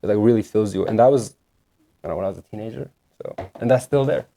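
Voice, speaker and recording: Fast-talking, with a lowish, creaky voice, this young podcast co-host chats casually and animatedly. He rambles and uses "like" over and over.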